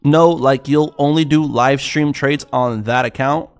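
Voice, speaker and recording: A man's voice: medium pitch, unhurried, clear, resonant tone, faint music behind. A young man, rambling and swearing as he chats with his livestream viewers about trading. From South Florida. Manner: rambling, profane, excitable, talks to chat. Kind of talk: casual livestream chat.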